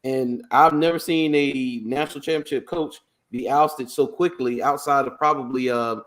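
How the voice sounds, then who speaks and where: A man hosting a casual sports podcast, telling stories in an animated, joking way. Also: mid-range voice, moderate pace. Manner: animated storytelling, jokey asides. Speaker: podcast host.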